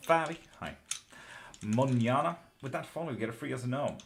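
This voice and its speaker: A man doing live tarot readings, chatting breezily with viewers and answering questions quickly, with casual swearing. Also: medium pitch, slight background noise. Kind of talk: casual live-stream chat.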